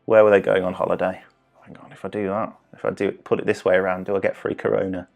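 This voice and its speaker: A lower-pitched man in his thirties runs a home-streamed quiz in a loose, chatty way. He rambles off topic, trips over his words and jokes as he goes. Faint music sits behind him. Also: level tone, fast talker, creaky. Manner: rambling, self-interrupting, jokey. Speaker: quiz host. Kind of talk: live-streamed quiz, casual chat.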